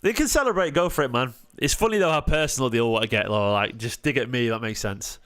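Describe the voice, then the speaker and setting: A man hosting a live football watchalong, sarcastic and defensive as he talks back to viewers in the chat, moving from low mutters to sharp raised outbursts. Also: fast talker, smooth. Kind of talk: live-stream match commentary and chat replies.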